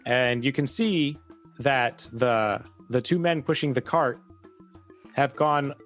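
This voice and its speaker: A man's voice: medium pitch, fairly bright tone, faint music behind. A man running a tabletop game as game master, describing scenes with frequent hesitations. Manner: descriptive, halting with fillers.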